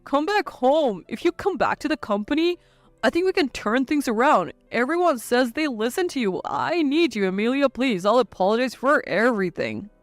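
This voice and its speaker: Female narrator doing a whiny pleading ex-husband, close dry read, slightly high. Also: expressive, moderate pace, no room sound, faint music behind. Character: whiny selfish ex-husband, male company president. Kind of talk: storybook narration.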